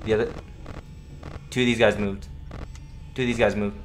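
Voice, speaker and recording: A young man streaming a horror game, swearing, repeating himself and yelling at scares. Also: on the low side, fairly even intonation, moderate pace, slight background noise. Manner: profane, jumpy, repeats himself, yells at jumpscares. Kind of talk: live gameplay commentary.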